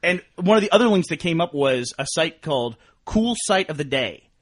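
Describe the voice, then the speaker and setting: A man hosts a relaxed podcast conversation, recorded on a studio mic. His voice sits a bit high and rises and falls with a lot of movement. He speaks in a wry, reminiscing way. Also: normal speed. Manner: wry, reminiscing about early internet sites. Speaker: podcast host. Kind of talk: casual chat.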